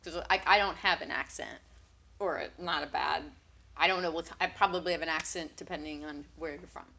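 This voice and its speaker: A woman's voice: sits low, brisk, gravelly. Chatty storytelling woman from California. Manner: chatty, animated storyteller who laughs often. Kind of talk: casual chat.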